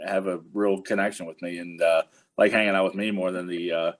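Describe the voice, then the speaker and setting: A man hosting a casual interview, asking quick, curious questions with a lot of filler. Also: deep voice, fairly even intonation. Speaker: podcast host.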